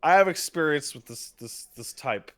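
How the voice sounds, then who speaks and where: A man's voice: on the high side, animated, moderate pace, a bit bright. A man co-hosting a gaming podcast, joking and teasing in casual banter. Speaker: podcast co-host.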